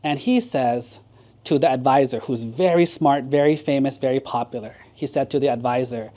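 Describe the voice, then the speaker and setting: A man's voice: mid-range voice, normal speed. A man, a monk, telling a children's story in a sermon and asking the listeners questions. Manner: animated, asks the children questions.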